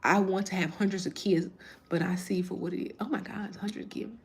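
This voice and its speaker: A woman's voice: lowish voice, fairly even intonation, a little fast. A woman, chatting casually on a livestream and answering viewer comments as she rambles. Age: 30s.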